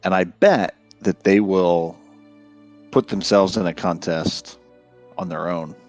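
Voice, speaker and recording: A man playing a tabletop game, offering plans in a calm, measured way. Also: sits low, faint music behind. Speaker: player. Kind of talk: casual tabletop game chat.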